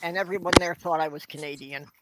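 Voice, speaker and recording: A man from Minnesota speaking in a measured, reflective way in a casual group chat. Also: a little high, steady tone, very noisy.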